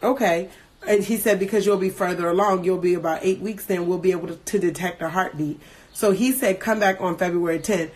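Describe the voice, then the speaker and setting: A woman in her thirties, emotional and earnest, candidly telling a personal story to her viewers with many pauses and restarts. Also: on the low side, steady tone, a little mellow. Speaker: livestream host sharing a personal story.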